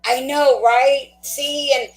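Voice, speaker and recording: A woman hosting a spiritual card-reading livestream, chatting warmly and laughing often, with a stuffy nose. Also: sits high, steady tone, slow. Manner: affectionate, chatty, laughs often, many fillers. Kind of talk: casual livestream sign-off chat. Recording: echoey room.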